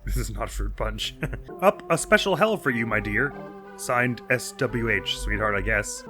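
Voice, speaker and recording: Man, let's play host, casual game commentary, laughs a lot, reads game text, bright voice, animated pitch. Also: a little slow, soft background music.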